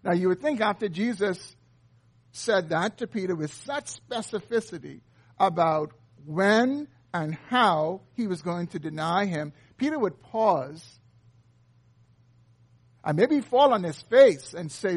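A man's voice: high voice, expressive, unhurried, breathy edge. A man preaching an earnest expository sermon, reading and explaining scripture. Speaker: pastor.

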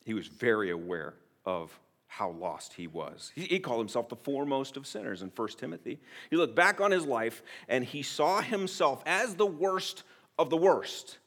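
A man preaching a sermon as pastor, earnest and emphatic, often restarting phrases and swinging between quiet and loud. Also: medium pitch, very animated, moderate pace.

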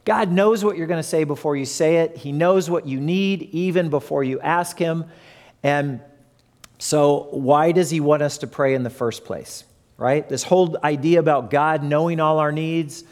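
A man delivers a conversational sermon, turning to his listeners with questions as he goes. His voice sits a touch high for a man, and it rings out with a long reverb from the church hall around him. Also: darkish tone. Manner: conversational, asks the audience questions. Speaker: pastor.

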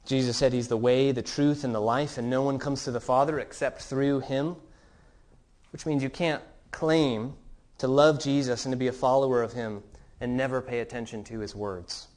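An earnest male pastor delivering a sermon at a steady medium pitch. He poses questions to his listeners and occasionally restarts a phrase. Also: normal speed.

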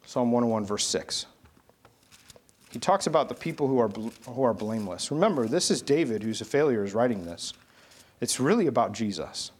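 A man's voice: mid-range voice, expressive, a little fast, husky. A middle-aged male pastor preaching a sermon, telling a story and rising into emphatic exhortation.

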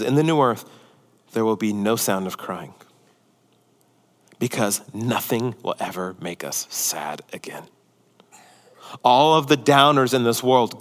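A man preaching with animated swings, climbing high and loud in excitement, then dropping to near-whispers. His voice sits a little high for a man and rings out with a long hall reverb behind it. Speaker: pastor. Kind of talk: sermon.

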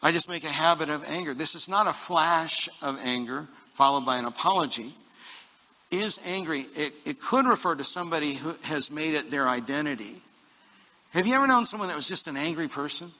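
Pastor, male, bright forceful voice, upbeat joking sermon, long hall reverb. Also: fairly high pitch, fairly quick. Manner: lively, jokey preaching with congregation call-and-response. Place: church hall.

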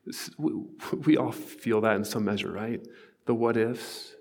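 A man's voice: lowish voice, fairly even intonation, unhurried, in a large hall. A man in his forties preaching a sermon, telling stories in an earnest, conversational way with asides to the congregation. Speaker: pastor. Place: church sanctuary.

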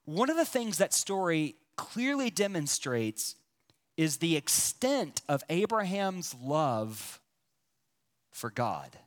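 A man preaching a sermon, speaking to his listeners directly and leaning on emphatic pauses. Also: fairly high pitch, very animated. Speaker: pastor.

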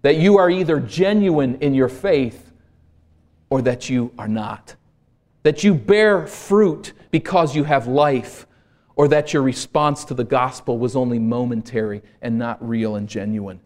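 A male pastor preaching a sermon in an earnest voice, rising to emphatic peaks and sinking to hushed low points. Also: measured pace.

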